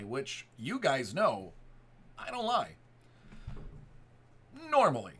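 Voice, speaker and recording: A man's voice: medium pitch, huge pitch swings, takes it slowly, long pauses, bright, forceful tone, husky. A man in his forties from the Buffalo area, chatting casually and telling a story, with rambling restarts and quotes he acts out. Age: 40s. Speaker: card break host.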